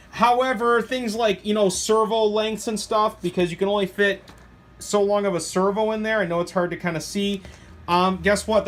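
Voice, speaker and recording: A middle-aged man, casually reviewing toy trucks in an excitable, rambling way. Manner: excitable, rambling, jumps to high squeals when thrilled. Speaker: hobby shop owner reviewing RC trucks.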